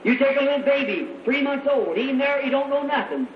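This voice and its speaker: A man preaches with fervent, folksy conviction, his voice pitched unusually high. The sound is muffled and old, as if taped in a roomy hall, with a faint hum of the room behind him. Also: lively intonation, a little fast. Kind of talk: sermon. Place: church meeting hall. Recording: echoey, dull old hall recording.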